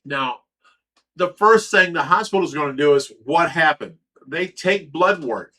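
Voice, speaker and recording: A man's voice: a little high, lively intonation, unhurried, bright, forceful tone. A middle-aged man from Ohio hosting a livestream, telling a story casually, swearing freely and stammering over repeated words. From Ohio, USA. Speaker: livestream host.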